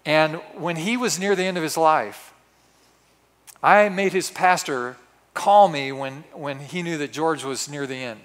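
A man's voice: fairly high pitch, unhurried. Dramatic preacher man in a reverberant hall. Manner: dramatic, swinging from hushed asides to loud exclamations. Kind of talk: storytelling sermon. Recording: long reverb of a large hall.

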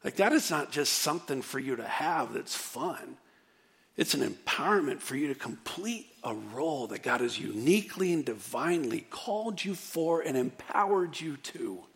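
Animated preacher with a raised voice. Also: male voice, moderate pace. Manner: animated preaching, rising to near-shouts and dropping low. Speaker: pastor. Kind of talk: sermon.

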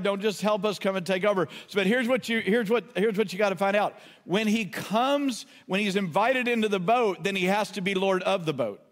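A man's voice: sits high, big-room sound. A man preaching a sermon as a pastor, impassioned, pleading and exclaiming to his listeners.

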